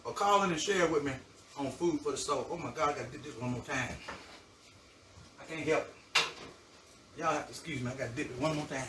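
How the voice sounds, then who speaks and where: A male cooking-show host with a fairly high voice chats nonstop and gushes to his viewers, savoring the food aloud. He talks fairly quickly but pauses often. He's picked up from a distance in an echoey home kitchen, with faint background noise.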